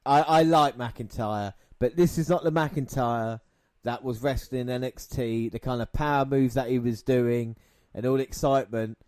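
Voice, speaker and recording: A man's voice: medium pitch, fairly even intonation, moderate pace, a little mellow, no room sound, clean studio sound. Sarcastic man chatting about wrestling. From half Scottish. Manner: sarcastic, swearing, laughs often. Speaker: podcast co-host. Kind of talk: casual wrestling commentary chat.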